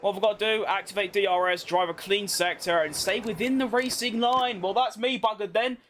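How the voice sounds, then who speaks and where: A young man with a high-pitched voice chats through his racing game session, teasing himself and restarting sentences as he goes. Engine and game noise run loudly under his voice. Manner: chatty, self-mocking, restarts often. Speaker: gaming video creator. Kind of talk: casual commentary over gameplay.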